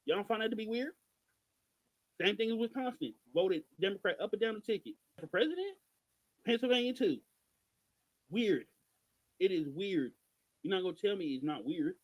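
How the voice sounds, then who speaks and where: A man with a somewhat raised pitch co-hosts a loose podcast conversation. He talks in an exasperated, emphatic rant, hammering his points home. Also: lively intonation, brisk, long pauses, rough recording. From Missouri. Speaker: podcast co-host. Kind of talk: casual podcast chat.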